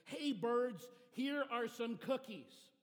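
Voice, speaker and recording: A man voicing a sensible, gentle male frog in a storybook read-aloud, talking earnestly as if explaining. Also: sits high, lively intonation, measured pace. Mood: shouting. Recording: reverberant hall.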